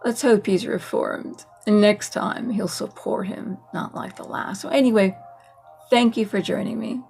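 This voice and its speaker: A woman's voice: medium pitch, unhurried, gravelly, darkish tone, breathy edge, soft background music. A woman vlogger giving a casual, sarcastic political monologue, laughing at her own points.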